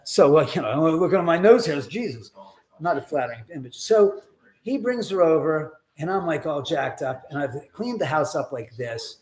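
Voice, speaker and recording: A man's voice: fairly high pitch, big pitch swings, normal speed, a little mellow. A man hosting a live stream from his own house, telling a story in a chatty, casual way, acting out the voices of the people he quotes and swearing now and then.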